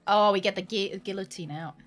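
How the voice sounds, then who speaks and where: A woman's voice: medium pitch, steady tone, fairly quick, faint music behind. A woman chatting through a livestream game, laughing often and rambling in jokey asides. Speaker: streamer. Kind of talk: gaming livestream commentary.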